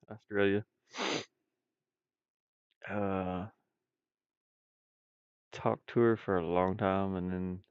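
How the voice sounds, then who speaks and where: A man's voice: deep voice, gravelly, clean tone, dry recording, muffled recording. A man with a stuffy nose chatting casually on a live stream while he builds a game, rambling and talking to himself. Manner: rambling, self-talking, chuckles often. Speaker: indie game developer streaming.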